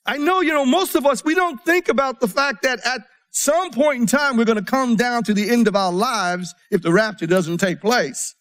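High-voiced preacher in full sermon. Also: male voice, moderate pace, hardly any pauses. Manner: preaching with sudden swings between soft and rising tones; reads scripture aloud to a live congregation.

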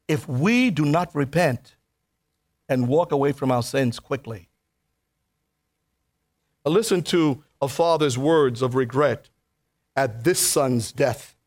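A man preaching a sermon to a congregation, pleading and impassioned, swinging between loud emphatic lines and quiet ones. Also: fairly high pitch. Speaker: pastor. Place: church before a congregation.

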